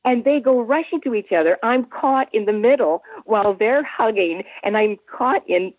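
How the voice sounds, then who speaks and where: A woman in her seventies, a guest on an interview, telling an anecdote in a lively way, humming tunes and restarting her sentences. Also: a little high, moderate pace, no room sound. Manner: animated storyteller who hums tunes and restarts often. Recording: dry, tinny phone line.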